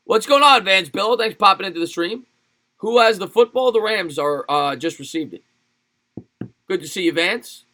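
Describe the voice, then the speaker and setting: Excitable man doing live play-by-play. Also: high-pitched, normal speed. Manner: excitable play-by-play calls, rambling chat between plays. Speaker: livestream sports host. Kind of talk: live play-by-play and chat with viewers.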